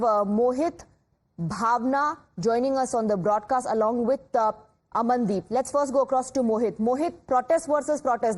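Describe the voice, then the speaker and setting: A woman with an Indian English accent anchoring a TV news bulletin in a measured, formal way. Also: on the high side, a little mellow. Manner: measured, formal newsreading with occasional fillers.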